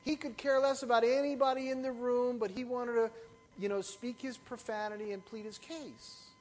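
A middle-aged man preaches to his congregation in a high, light voice. He tells his stories with animation and keeps asking the room rhetorical questions. His words ring out with a long reverb through a church hall. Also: steady tone, normal speed, a little mellow. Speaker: pastor. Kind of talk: sermon.

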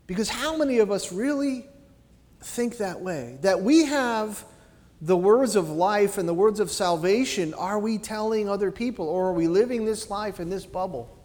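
A man delivers a sermon in a church with a high, animated voice. He swings between loud, emphatic phrases and soft, low asides, and his words trail off into the long echo of the hall. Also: moderate pace. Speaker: preacher.

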